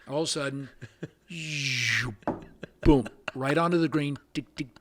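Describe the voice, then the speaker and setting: An older man, a veteran cameraman, telling stories in an interview with lively sound effects and frequent restarts. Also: medium pitch, normal speed, a little hiss or hum. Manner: animated anecdotes with sound effects, many restarts. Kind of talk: storytelling interview.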